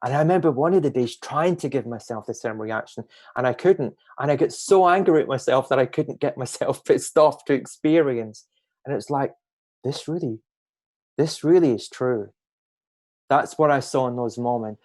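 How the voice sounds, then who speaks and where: A man shares reflective spiritual thoughts on a video call, at a middle pitch. His delivery is gentle and musing. He often draws out key phrases slowly for emphasis. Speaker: guest speaker on a group call.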